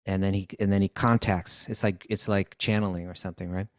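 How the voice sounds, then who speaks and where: A man co-hosting a podcast, casually retelling a story in an animated way, with many restarts. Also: low-pitched, brisk, no echo, studio quality. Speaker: podcast co-host.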